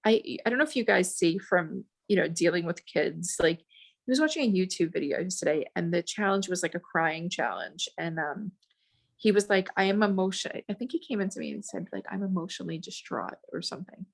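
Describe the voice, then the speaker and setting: A woman in her forties, a podcast guest, talking in a rambling, animated way with many restarts. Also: on the low side, brisk, creaky. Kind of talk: casual podcast chat.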